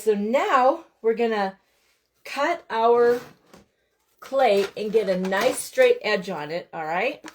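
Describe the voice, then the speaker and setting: A woman's voice: mid-range voice, darkish tone. A middle-aged woman from Montana talks her viewers through a craft project on a live stream. Her talk is chatty and loose, full of greetings to viewers by name and asides about her day. She works at a table in her home craft room, talking as she goes. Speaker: craft livestream host.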